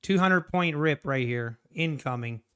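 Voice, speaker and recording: A man doing excitable, jokey live commentary as a day trader streaming his trades. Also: a little high, measured pace, smooth. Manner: excitable, jokey, exclaims at the screen.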